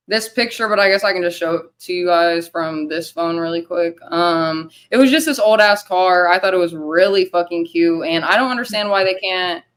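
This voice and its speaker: A young woman hosting a casual livestream, rambling loosely, swearing and giving shout-outs to the chat. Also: lowish voice, smooth. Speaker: livestream host.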